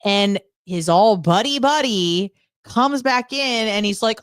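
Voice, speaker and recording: A woman's voice: mid-range voice, measured pace, smooth, dry recording, clean studio sound. A woman co-hosting a show, telling a story in a blunt, profane and sarcastic casual rant. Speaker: podcast co-host. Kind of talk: casual ranting monologue.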